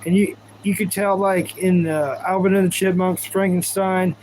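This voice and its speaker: A man with a high-pitched, level, darkish voice chats casually on a live stream at a moderate pace, goofing around and rambling while thanking viewers and talking to chat. The low-quality recording has slight background noise.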